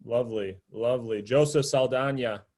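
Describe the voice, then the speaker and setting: A man's voice: mid-range voice, a little mellow. Upbeat male coach on a video call. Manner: upbeat, quick praise and cues. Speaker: sales coach. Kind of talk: live group coaching call.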